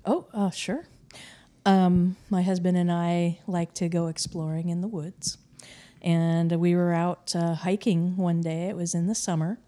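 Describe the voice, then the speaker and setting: A woman interview guest recounting a personal encounter, animated and full of "like" and "um". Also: fairly low pitch, unhurried. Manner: animated storyteller, frequent "like" and "um".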